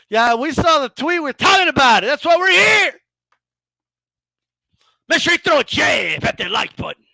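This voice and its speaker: A man hosting a casual boxing talk show, ranting in an animated, profane and mocking way. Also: very high voice, measured pace, creaky, long pauses, no echo. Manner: animated, profane, mocking, frequent laughs and "bro". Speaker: boxing commentator host.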